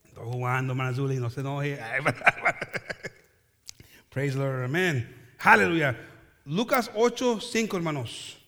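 A man preaching a bilingual sermon who switches between English and Spanish, calls out to the congregation and reads scripture slowly with emphatic repetition. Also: mid-range voice, pushed and bright. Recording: long hall reverb.

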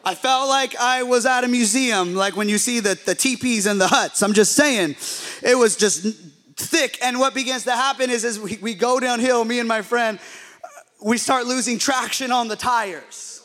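A young man preaching as a pastor, telling a story in an animated, self-deprecating way and joking with his listeners. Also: extremely high pitch, normal speed. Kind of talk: humorous storytelling sermon.

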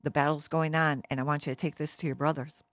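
A woman's voice: low-pitched, level tone, quick pace, no echo, lightly acted. A woman voicing a father who gives his son plain instructions. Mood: instructing.

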